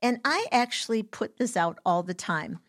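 Woman, interview guest, playful, emphatic, slightly high voice. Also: animated, normal speed. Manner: playful, emphatic, coins cutesy words. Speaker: guest teacher. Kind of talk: casual interview chat.

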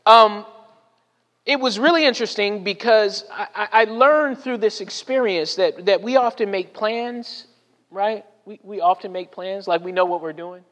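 High-voiced pastor telling stories in a reverberant hall. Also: male voice, normal speed, a bit bright. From Southern California. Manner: storytelling with frequent "right?" asides and acted-out quotes. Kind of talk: sermon. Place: church sanctuary.

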